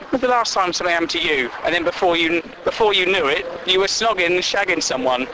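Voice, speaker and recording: A man's voice: high voice, animated, moderate pace, background noise. A man giving a rambling, sweary comic monologue, exasperated and jumping between bits.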